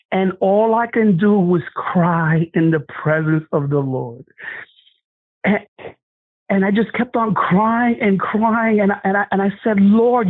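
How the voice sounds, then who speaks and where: A man telling an emotional personal testimony in an earnest, halting way, often restarting his sentences. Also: high-pitched, no room sound. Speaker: guest sharing a testimony. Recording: tinny phone-line sound, dry.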